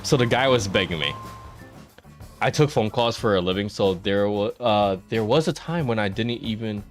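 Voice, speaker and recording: Low-voiced man with an Eastern American accent. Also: moderate pace, faint music behind. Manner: rambling storyteller, many fillers. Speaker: streamer. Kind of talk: casual chat while gaming.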